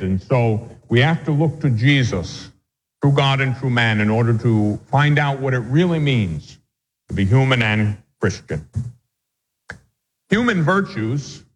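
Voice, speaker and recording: A male Catholic priest teaching a catechism class, reading definitions aloud and then explaining them with homely examples. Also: medium pitch. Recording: long hall reverb.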